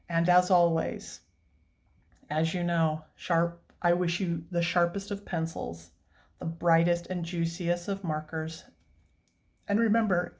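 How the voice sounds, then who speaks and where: A woman's voice: on the low side, darkish tone. A woman hosting a coloring vlog, talking in a casual, gushing way and laughing often while teary and emotional. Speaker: coloring channel host.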